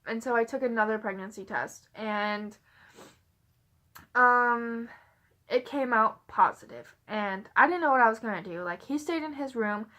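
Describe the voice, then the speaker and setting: A woman's voice: on the high side, unhurried, pushed and bright. A young adult woman vlogging, telling a personal story in a rambling, casual way with many "like" fillers.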